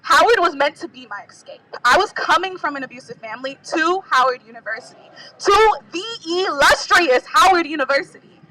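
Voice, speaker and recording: A woman's voice: high voice, lively intonation, a little fast, pushed and bright, poor audio. A young woman student, anxious and close to tears, reading a protest speech from notes on a handheld mic outdoors. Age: young adult. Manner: anxious, rising to angry. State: on the verge of crying.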